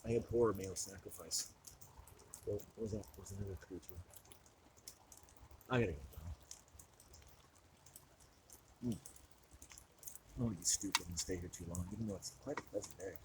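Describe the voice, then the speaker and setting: A man's voice: sits low, moderate pace, long pauses, noisy background. Rambling, self-mocking man outdoors. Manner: rambling, self-mocking, laughing between thoughts. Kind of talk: rambling comedic monologue. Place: outdoors in a forest.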